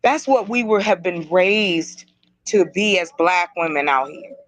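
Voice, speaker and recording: A woman's voice: on the low side, unhurried, dry recording, low-quality recording. Woman, podcast co-host, earnest and passionate, dry close sound. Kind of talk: casual discussion.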